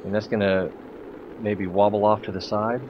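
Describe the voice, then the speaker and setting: Guy streaming a game, lowish voice, jokes and thinks out loud, dull hissy lo-fi mic. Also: flat delivery, moderate pace. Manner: chatty, jokey, thinks aloud while playing. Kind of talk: casual gameplay commentary. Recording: dull lo-fi stream audio with hiss.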